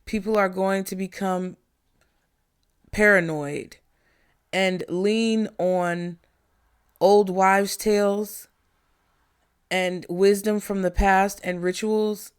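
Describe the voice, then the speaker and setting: A woman's voice: medium pitch, fairly even intonation, smooth. A woman vlogger giving a casual spiritual talk to her viewers, calling them y'all and child in a chatty way. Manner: slow, drawn-out delivery. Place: home indoors.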